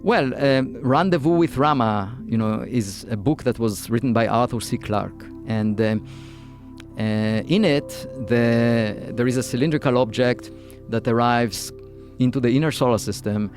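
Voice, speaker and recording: Halting man physicist in interview. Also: medium pitch, a little mellow, soft background music. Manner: hesitant, many fillers and restarts. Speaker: physicist guest. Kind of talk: interview conversation.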